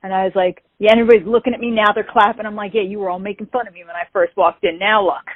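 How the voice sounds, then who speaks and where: A woman, telling an animated story as an interview guest and acting out the quoted dialogue. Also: medium pitch, very fast, no echo. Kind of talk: casual storytelling. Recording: tinny phone-like call audio.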